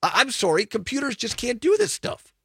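A man hosting an interview, lively and quick to laugh, asking questions and reading passages aloud. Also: very high-pitched, creaky, slightly rough. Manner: animated, laughs often, reads excerpts aloud. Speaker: radio show host.

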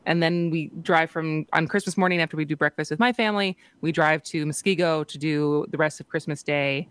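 A woman's voice: deep voice, brisk, fairly bright tone, smooth, dry recording. A woman in her thirties co-hosting a radio show, telling stories in a chatty way. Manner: chatty, storytelling with fillers. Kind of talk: casual radio chat. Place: radio studio. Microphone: studio microphone.

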